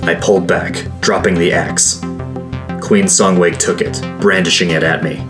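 Deep-voiced man narrating a fantasy audiobook. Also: fairly even intonation. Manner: measured, dramatic storytelling. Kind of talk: first-person scripted audiobook narration. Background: soft guitar music.

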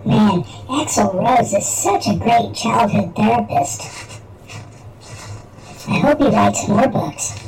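Casting: man doing a high, slow, earnest damned soul, heard from a distance. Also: noisy background.

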